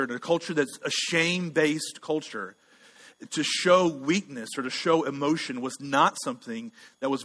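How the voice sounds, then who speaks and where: A man's voice: a little high, bright, forceful tone. A man preaching a sermon as pastor, in a casual, self-deprecating, conversational way with frequent restarts. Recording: long hall reverb.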